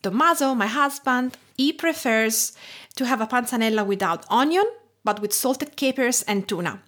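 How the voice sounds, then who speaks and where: A woman of about forty from Tuscany hosts her podcast in English with an Italian accent, her voice set a little high. She reads a prepared script expressively, with her pitch swinging widely. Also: fairly bright tone. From Tuscany, Italy. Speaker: podcast host and cook.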